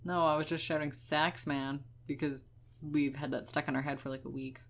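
A woman's voice: low-pitched, steady tone, quick pace. A young adult woman co-hosting a podcast in casual chat, joking and laughing often. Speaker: podcast co-host.

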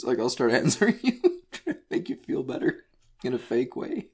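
A man's voice: mid-range voice, big pitch swings, a little fast, husky. A man co-hosting a podcast, chatting casually with wry, pedantic humor and frequent laughs. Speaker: podcast co-host. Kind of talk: casual chat.

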